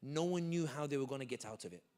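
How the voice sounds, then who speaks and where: A man giving an animated, joking community talk full of stories and quick asides. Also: medium pitch. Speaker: guest speaker. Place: community center hall.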